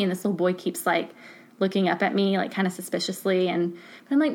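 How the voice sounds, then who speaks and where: A woman who works as a teacher, chatting casually on a podcast and telling classroom stories with lively acted-out quotes. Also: mid-range voice, fairly quick. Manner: animated storyteller, acts out voices in quotes. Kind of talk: casual chat, storytelling.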